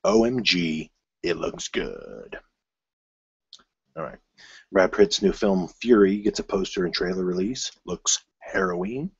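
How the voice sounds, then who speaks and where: A man hosting his own film news show, rambling casually with many fillers and restarts and bursts of excitement. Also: sits low, moderate pace, breathy edge, no room sound, highs cut off.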